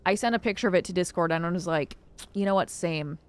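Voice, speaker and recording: A young woman streaming a game live, chatting casually and dramatically with her viewers, swinging from excitement to mock sadness. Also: on the low side, fast talker. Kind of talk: casual live-stream chat while gaming. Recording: faint music behind.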